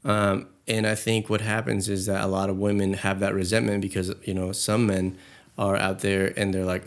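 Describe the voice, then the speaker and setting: A man's voice: low-pitched, flat delivery, moderate pace. A young man co-hosting a podcast in casual chat, talking earnestly and at length, and acting out quoted lines in a raised voice. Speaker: podcast co-host.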